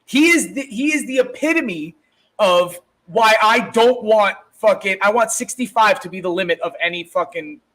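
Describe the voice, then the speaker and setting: A man with a high voice co-hosts a podcast in loose, profane chat. He rambles from point to point and swears freely. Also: normal speed, low-quality recording. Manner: rambling, animated, swears a lot. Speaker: podcast co-host.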